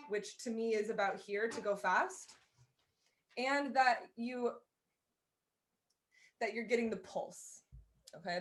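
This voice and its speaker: Woman, fiddle teacher, live online lesson, encouraging, step-by-step explanations, fiddle playing behind. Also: medium pitch. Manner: encouraging, explains step by step, sings out bowing rhythms. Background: violin playing.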